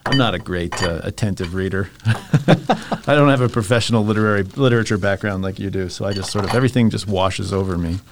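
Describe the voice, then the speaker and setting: A man's voice: fairly low pitch, fast talker, slight background noise. A man co-hosting a podcast, chatting casually over drinks, rambling and joking at his own expense. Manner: joking, rambling, self-deprecating. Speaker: podcast co-host.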